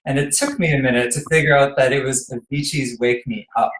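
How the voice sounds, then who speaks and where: A man's voice: mid-range voice, fairly even intonation, a little fast, fairly bright tone. A man interviewing a singer, chatty and hesitant with lots of ums. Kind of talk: casual interview chat. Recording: roomy echo.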